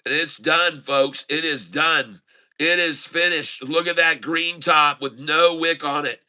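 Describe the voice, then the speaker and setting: Guy hyped up calling out his stock trades live, super bright smooth voice. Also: on the high side, measured pace. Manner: excited running commentary addressing "folks". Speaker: day-trading streamer. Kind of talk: live trading commentary.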